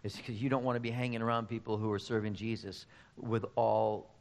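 A man's voice: on the low side, flat delivery, fairly quick, gravelly, darkish tone, long reverb tail. A man preaching a sermon, speaking emphatically and addressing the congregation directly. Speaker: pastor.

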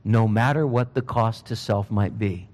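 A man preaching a sermon, telling Bible stories in a lively, conversational way and briefly voicing the people in them. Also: on the low side, unhurried, big-room sound. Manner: animated storytelling, acting out Bible figures in casual speech.

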